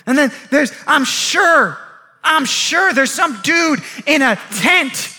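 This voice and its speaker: A man preaching a sermon, telling a story with acted-out dialogue and rising to shouts at the high points. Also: moderate pace. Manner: animated storytelling, acting out dialogue, shouting at peaks.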